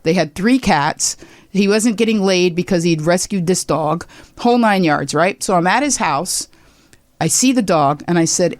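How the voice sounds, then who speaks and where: Animated woman comedian in her sixties. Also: lowish voice, normal speed, no echo, clean studio sound. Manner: animated, acts out quoted people. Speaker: comedian guest. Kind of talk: storytelling in a podcast interview.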